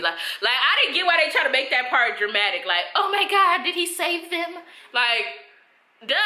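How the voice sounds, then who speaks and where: A young woman reviewing TV episodes in a casual, animated, slangy reaction style. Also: on the high side. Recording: roomy echo.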